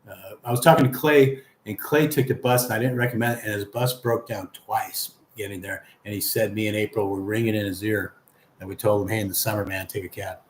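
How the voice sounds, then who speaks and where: A man's voice: on the low side, fairly even intonation, a little fast, a little hiss or hum. Man, friendly livestream host, rambling chat, echoey room. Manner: friendly, rambling, reads comments aloud. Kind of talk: casual live chat.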